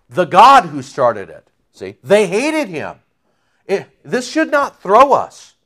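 A man preaching a Bible study, animated and joking, acting out voices in quotes. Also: high voice, slow pace. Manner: animated, jokey, acts out quotes. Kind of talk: Bible teaching.

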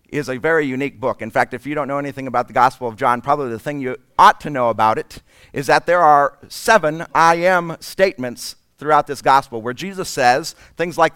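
A man preaching a sermon, dramatic and emphatic, dropping at times to breathy whispers. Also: mid-range voice, brisk, fairly bright tone, dry recording, studio quality.

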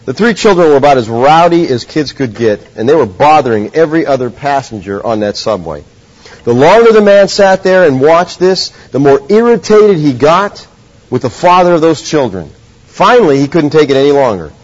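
A man's voice: fairly high pitch, very animated, normal speed. Earnest preacher man, lo-fi recording. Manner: earnest, teacherly, asks the audience questions. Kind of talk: sermon. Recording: dull lo-fi sound.

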